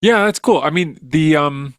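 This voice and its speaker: A man's voice: on the high side, normal speed, no room sound, studio quality. A man, a science educator, explaining ideas in an enthusiastic, jokey way. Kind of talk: casual chat.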